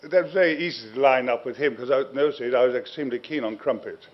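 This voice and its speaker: A man's voice: medium pitch, fast. An older man, a guest telling long, self-mocking anecdotes in an interview and chuckling through them. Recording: dull lo-fi recording.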